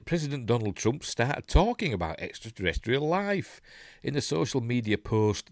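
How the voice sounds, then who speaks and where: Chatty Yorkshire man with a low voice. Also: no room sound, studio quality. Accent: Yorkshire English. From Yorkshire, England. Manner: chatty, rambling, chuckles, asks rhetorical tag questions. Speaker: host of a news live stream. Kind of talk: casual live stream commentary, reading articles aloud.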